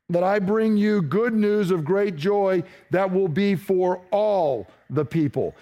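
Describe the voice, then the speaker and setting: High-voiced male preacher asking questions. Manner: teaching with rhetorical questions, slowing for emphasis. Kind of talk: sermon.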